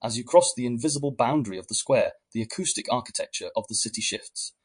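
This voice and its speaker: A man giving calm scripted guided narration, speaking to the listener in the second person. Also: medium pitch, fast, husky.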